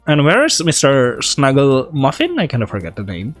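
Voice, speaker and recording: A man's voice: medium pitch, wildly swooping pitch, moderate pace, soft background music. A man hosting a let's play, reading a visual novel's text aloud and joking about what happens. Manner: playful, reacting and joking between read lines.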